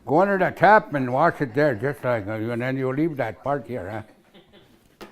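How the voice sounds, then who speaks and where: A man's voice: mid-range voice, measured pace. A man teaching a language class in a casual way, repeating words and spelling them out, often asking "eh?".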